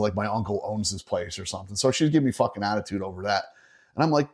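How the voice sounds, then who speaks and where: A husky-voiced middle-aged bassist from Northeastern Pennsylvania rattles off a rowdy story on a podcast, animated and fast. He's casual and profane, often laughing.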